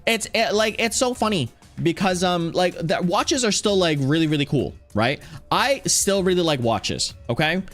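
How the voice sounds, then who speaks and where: A playful male streamer rambles through a casual livestream chat in a slightly high voice, reading chat aloud and bursting into excited shouts. Faint music plays softly behind him. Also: moderate pace, few pauses. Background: faint background music.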